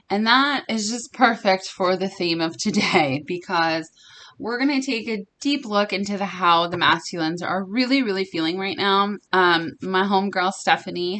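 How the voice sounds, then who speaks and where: A woman's voice: lowish voice, a bit bright. A young woman giving a casual tarot reading to her viewers, talking earnestly and emphatically and repeating her phrases. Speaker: tarot reader.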